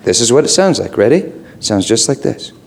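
A middle-aged man preaching a sermon, playful and animated, dropping to low asides and rising high for emphasis. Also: a little fast, gravelly. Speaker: pastor.

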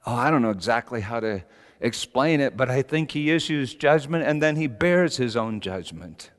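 A middle-aged man preaching a sermon as pastor, animated, swinging from soft asides to shouting. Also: mid-range voice, moderate pace. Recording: long hall reverb.

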